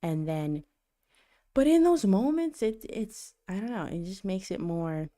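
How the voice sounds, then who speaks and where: A woman's voice: medium pitch, expressive, a little slow, dark tone. A woman hosting a stream and sharing a casual faith reflection. She rambles conversationally, full of "you know" and "like", and laughs at her own stories. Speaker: channel host.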